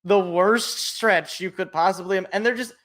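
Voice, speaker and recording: A man hosting a casual sports podcast, talking in an animated, jokey way and thinking aloud. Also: sits high, moderate pace. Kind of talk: casual chat.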